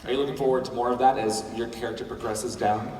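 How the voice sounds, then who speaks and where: A man's voice: medium pitch, steady tone, fast, darkish tone, a little hiss or hum. A man in a convention audience asking a rambling, hesitant question. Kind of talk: casual fan question. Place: large convention hall. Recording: echoey hall from far off.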